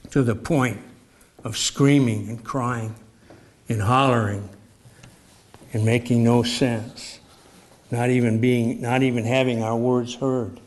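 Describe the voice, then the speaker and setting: A man preaching a sermon in a slow, measured, reflective way, posing rhetorical questions. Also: mid-range voice.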